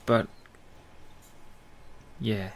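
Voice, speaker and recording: A man with an Australian accent co-hosting a casual podcast, chatty, with lots of ums and frequent laughs. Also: drawn-out words. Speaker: podcast co-host. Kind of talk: casual chat.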